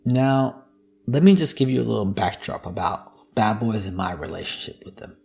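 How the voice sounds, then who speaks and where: Gravelly man ranting on a podcast. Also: lowish voice, moderate pace, darkish tone. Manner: profane, joking, ranting. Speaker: podcast host. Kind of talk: casual solo podcast monologue.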